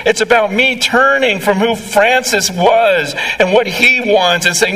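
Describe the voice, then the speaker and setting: A man's voice: high-pitched, a little slow, few pauses, pushed and bright, distant mic, poor audio. A man preaching an impassioned sermon as a pastor, pleading with his listeners.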